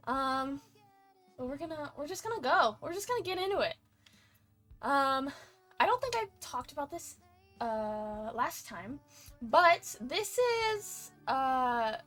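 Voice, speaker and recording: A woman's voice: high voice, a bit bright. A woman hosting a let's play, with casual gameplay commentary, bubbly and playful, rambling with many fillers.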